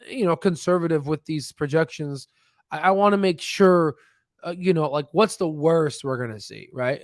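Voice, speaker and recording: Slightly high-voiced, a man runs a casual livestream on his stock channel from a home desk, sharing his screen. He rambles with lots of fillers and restarts, laughing at himself, and the studio-quality audio has no room sound.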